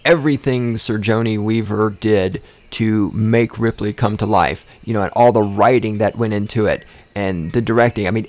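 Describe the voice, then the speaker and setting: A man's voice: on the low side, a little mellow. Profane, sarcastic man ranting on a podcast. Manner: sarcastic, swears often, mocks with exaggerated voices; repeats words and restarts when worked up. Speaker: podcast host. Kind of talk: casual profane rant.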